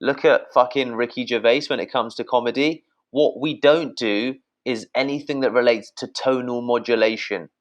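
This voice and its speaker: A British man, a podcast guest, giving blunt, energetic sales advice, swearing freely and addressing listeners as guys. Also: mid-range voice, moderate pace, hardly any pauses.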